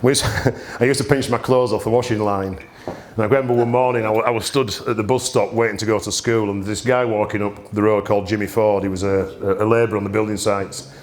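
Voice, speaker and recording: A man hosts a gin tasting, telling funny stories chattily and laughing often, in a lowish, level voice at a fast pace. The recording has a roomy echo and slight background noise.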